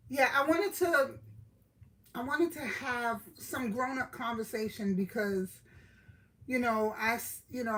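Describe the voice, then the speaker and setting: A middle-aged Brooklyn woman with a New York accent and a slightly high voice chats casually with her live-stream viewers. She greets them by name and laughs often, though the recording quality is low.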